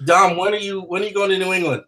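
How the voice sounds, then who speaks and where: Podcast host, American man, slightly higher voice, chatty and joking. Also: steady tone, racing, bright, forceful tone, rough recording. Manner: chatty, joking, laughs often. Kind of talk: casual chat.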